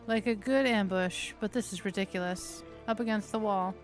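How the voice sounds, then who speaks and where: A woman's voice: mid-range voice, normal speed, faint music behind. A woman co-host trading profane, jokey banter about a story game. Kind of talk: casual joking commentary.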